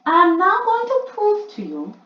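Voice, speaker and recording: A woman playing a shrill, gloating witch leader. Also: huge pitch swings, moderate pace, full character voice. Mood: proclaiming. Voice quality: shrill, loud and emphatic. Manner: read-aloud storybook acting. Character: commanding female witch leader, gloating and imperious. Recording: muffled, echoey room.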